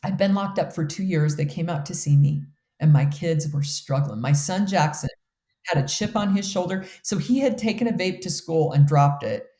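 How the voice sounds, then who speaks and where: A woman's voice: low voice, moderate pace, warm tone, echoey room. A middle-aged woman telling her life story as an interview guest, earnest and heartfelt, with many fillers. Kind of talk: emotional personal storytelling.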